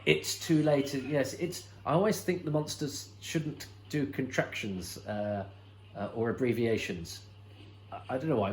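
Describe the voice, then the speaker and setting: A man's voice: medium pitch, unhurried, darkish tone, soft background music, rough recording. A man hosting a watch-along, commenting on an old episode in a chatty, enthusiastic way with many fillers and restarts. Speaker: host.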